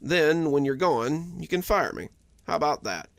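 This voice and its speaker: A man's voice: on the high side, very animated, normal speed, vocal fry, no room sound, voice pushed up. A man playing a kind, teasing young caretaker. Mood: earnest. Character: kind young man caring for a sick widow, joking. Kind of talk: storybook reading.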